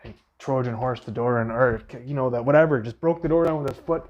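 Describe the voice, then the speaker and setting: A man's voice: mid-range voice, quick pace, dull audio. A young man on a casual livestream, telling a rambling, profane story about being wrongly blamed, speaking into a phone at home. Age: young adult. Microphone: phone livestream mic.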